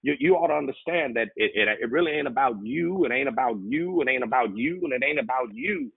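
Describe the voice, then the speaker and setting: A man preaching a sermon as pastor, who repeats and stumbles over his words and then builds to excited preaching. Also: mid-range voice, fast talker, gravelly, breathy edge, no room sound. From California. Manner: repetitive stammering, rising to excited preaching. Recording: tinny phone-line sound.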